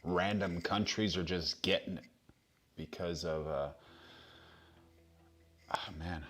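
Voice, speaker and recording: A man's voice: sits low, fairly even intonation, a little slow, long pauses, a bit bright. A man chatting on a livestream, reacting with exclamations and asking the chat questions.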